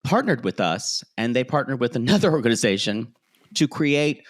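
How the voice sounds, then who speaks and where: A playful man co-hosting a casual comedy podcast, with a voice that bounces around a lot. He giggles easily and slips into silly high voices mid-chat. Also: big pitch swings, normal speed. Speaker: podcast co-host.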